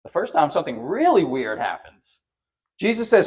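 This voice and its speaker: A man preaching a sermon as pastor, animated, acting out quotes with a raised voice and often repeating words. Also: medium pitch, moderate pace.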